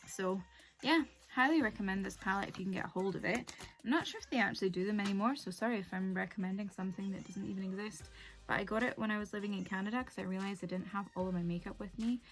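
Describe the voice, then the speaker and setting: A woman's voice: medium pitch, quick pace, faint music behind. Chatty young woman vlogging. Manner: chatty, rambling, lots of "like" fillers. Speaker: beauty vlogger. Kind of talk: casual make-up tutorial chat.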